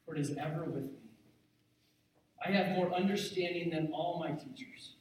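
Pastor, male, earnest preacher with a slightly high voice, captured from a distance in a very echoey church. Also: a little hiss or hum. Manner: earnest preaching, building to emphatic repetition. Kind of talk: sermon. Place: church sanctuary. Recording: very echoey hall, mic at a distance.

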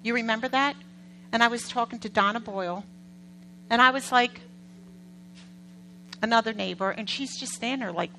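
Bright-voiced woman preaching with animated stories. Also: on the high side, normal speed, pauses often, slight background noise, rough recording. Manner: animated, acts out quotes, asks the congregation questions. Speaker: pastor. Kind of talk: conversational sermon storytelling.

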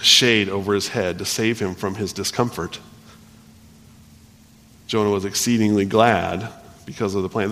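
A man preaching a sermon, earnest and repetitive, swinging between loud emphasis and hushed delivery. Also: fairly low pitch. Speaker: pastor. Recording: long hall reverb.

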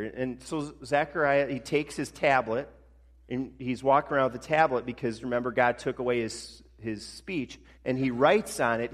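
A male pastor preaching a sermon in a conversational way, slowing down for emphasis. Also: mid-range voice. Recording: long reverb of a large hall.

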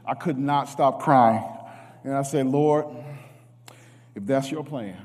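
A man preaching a sermon, emotional, moving from hushed tones to shouts. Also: medium pitch, takes it slowly. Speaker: guest preacher. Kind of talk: sermon with testimony. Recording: reverberant church hall.

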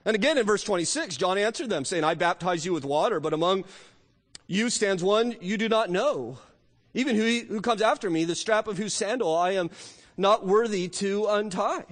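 A man preaching a sermon as a pastor, emphatic and full of rhetorical questions, swinging between loud declarations and quiet, hushed lines. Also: high voice, normal speed. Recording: long reverb of a large hall.

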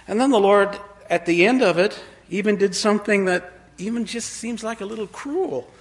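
A man delivers a sermon with a slightly high voice. He tells the story in a homely, conversational way. When quoting, his voice sinks lower and quieter. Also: brisk, few pauses. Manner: folksy storytelling, dropping to a low quiet voice for quoted lines. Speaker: preacher.

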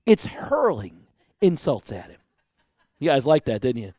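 A male preacher giving a sermon, lively and conversational with his congregation. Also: mid-range voice, a little slow, no room sound, clean studio sound.

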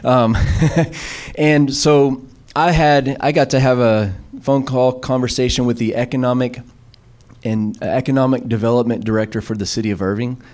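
A middle-aged man preaching a sermon. He tells stories with lots of fillers and restarts. He slips into other voices for the people he quotes, his pitch jumping up for each one. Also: moderate pace. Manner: animated, acts out quoted voices with sudden pitch jumps; storytelling with many fillers and restarts. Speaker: pastor.

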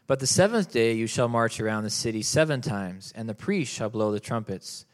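Man reading scripture in even tones. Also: fairly low pitch, normal speed. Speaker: congregation member reading scripture.

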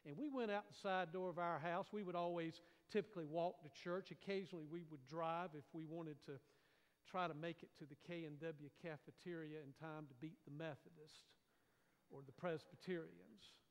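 Man, middle-aged pastor, higher voice, storytelling sermon, big reverberant church hall. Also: fairly even intonation, moderate pace. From North Carolina, US. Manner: folksy, gently humorous, drops to a hush for suspense then swells. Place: church sanctuary. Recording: long reverb of a large hall.

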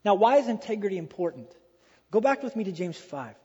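A man preaching a sermon in a lively, animated way, acting out quoted voices and repeating phrases for emphasis. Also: high-pitched, fairly quick, breathy edge. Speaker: pastor. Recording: dull lo-fi sound with long hall reverb.

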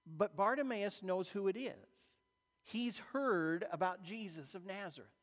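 Guy preaching, storytelling sermon, kinda high voice, big echoey church hall. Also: a bit bright. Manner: storytelling, conversational, with dramatic pauses. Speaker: pastor. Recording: long reverb of a large hall.

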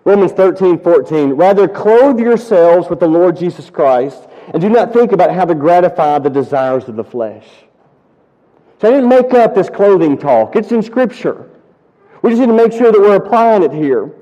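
A pastor preaching a sermon, telling stories and building to emphatic peaks. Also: male voice, high-pitched, animated, normal speed, mellow. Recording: muffled audio with long hall reverb.

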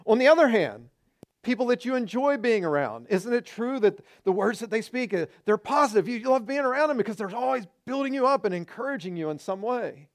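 A middle-aged man preaching a sermon as pastor, conversational and animated, acting out quoted remarks. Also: very high voice, a little fast.

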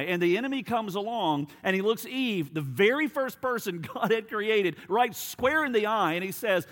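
A man preaching a sermon as a pastor, building from a low steady delivery to loud, impassioned emphasis. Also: a little slow. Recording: long hall reverb.

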